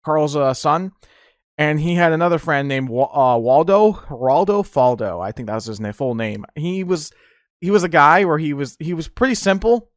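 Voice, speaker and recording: A man's voice: a little high, lively intonation, normal speed, dry recording, studio quality. A man hosting a podcast, rambling in casual chat with frequent laughs and fillers. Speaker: podcast host.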